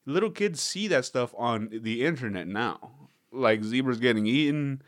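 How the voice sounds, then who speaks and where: A man's voice: mid-range voice, expressive, moderate pace, dry recording, studio quality. A young man hosting a podcast, rambling casually with jokes and swearing. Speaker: podcast host. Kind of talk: casual comedic podcast chat.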